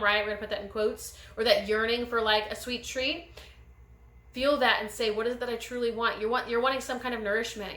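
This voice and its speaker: Woman, tarot reader, gentle meandering guidance, bright tone, roomy echo. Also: on the high side. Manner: gentle, meandering spiritual guidance with many pauses. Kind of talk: pick-a-card tarot reading.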